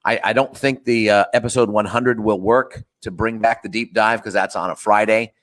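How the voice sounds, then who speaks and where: A man's voice: fairly low pitch, fairly even intonation, normal speed, fairly bright tone. A man co-hosting a casual sports podcast, with dry, joking sarcasm. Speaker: podcast co-host.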